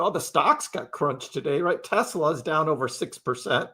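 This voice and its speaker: Male livestream host, slightly high pitch, casual and repetitive, keeps asking "right?", argues with chat. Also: lively intonation, normal speed, hardly any pauses, pushed and bright, breathy edge. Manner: chatty, repeats phrases, peppers with "right?"; talks back to chat commenters.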